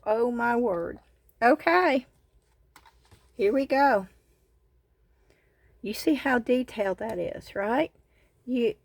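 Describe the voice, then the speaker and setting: A woman with a Southern US accent hosting a casual crafting vlog from her phone camera, gushing with excited exclamations. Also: a little high, gravelly, no room sound. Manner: excited exclamations, says y'all a lot. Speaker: craft channel host.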